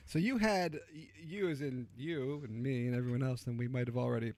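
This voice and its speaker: A man's voice: medium pitch, brisk, darkish tone. A man hosting a livestreamed talk show in casual chat. He rambles, interrupts himself, laughs easily and swears.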